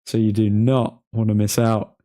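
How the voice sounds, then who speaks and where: A man's voice: fairly low pitch, little pitch movement, moderate pace, dark tone. A young man hosting a casual live stream, reading out updates and chatting with viewers, humming to himself while he scrolls. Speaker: livestream host reading transfer news.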